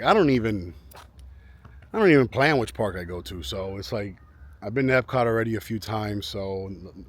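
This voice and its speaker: A man chatting to camera outdoors in a residential neighborhood, rambling and often repeating himself as he restarts sentences. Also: fairly low pitch. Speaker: vlogger. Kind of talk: casual chat to camera.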